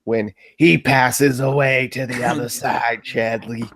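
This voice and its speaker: Gravelly man making dry quips. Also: mid-range voice, fairly even intonation, slow pace, fairly bright tone, dry recording. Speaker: podcast co-host. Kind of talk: casual movie review chat.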